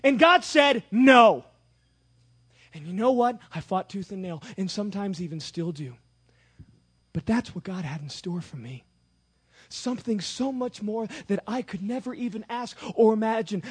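Husky high-pitched guy preaching, really animated, goes from quiet to shouting, bouncy pitch. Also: normal speed. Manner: animated, swings from hushed to shouting. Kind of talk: sermon with personal story.

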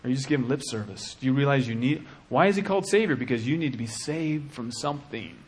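Male preacher, impassioned sermon, husky voice, hushed to shouting. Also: medium pitch, lively intonation, fast talker.

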